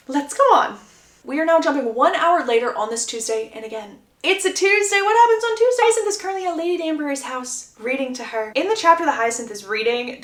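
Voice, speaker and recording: A woman recapping a book plot in a chatty, animated, gossipy way. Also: high-pitched. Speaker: book reviewer. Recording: echoey room.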